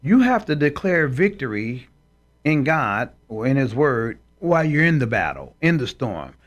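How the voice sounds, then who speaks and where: A man's voice: medium pitch, big pitch swings, normal speed. A man co-hosting a Christian talk show, speaking in an emphatic, preacherly way and quoting scripture. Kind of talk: faith talk show discussion.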